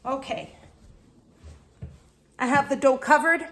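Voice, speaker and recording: In her high, fairly bright voice, this cooking channel host takes it slowly during a casual home demonstration. Kneading dough leaves her a bit out of breath as she chats through each step.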